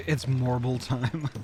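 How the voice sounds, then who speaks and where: A man's voice: mid-range voice, slight background noise. A man streaming a game, chatting casually, playful and giggly, with mild swearing. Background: faint game music.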